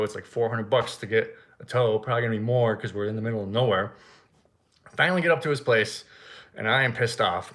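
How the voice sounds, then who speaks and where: A young man who runs an event rental business, answering live viewer questions and telling stories animatedly. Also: mid-range voice. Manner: animated storytelling, acts out shouting in quotes. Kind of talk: live Q&A, casual storytelling. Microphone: single mic, standing.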